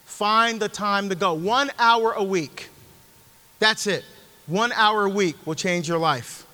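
High, bright-voiced man preaching emphatically. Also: takes it slowly. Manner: emphatic, direct, talks straight to the audience. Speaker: Catholic preacher. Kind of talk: conversational sermon. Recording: long hall reverb.

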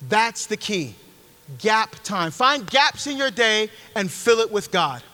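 A man's voice: high-pitched, animated, slow pace, sharp tone. A middle-aged man preaching a conversational, emphatic Catholic sermon, speaking directly to his listeners in a church. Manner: emphatic, direct, talks straight to the audience. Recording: long hall reverb.

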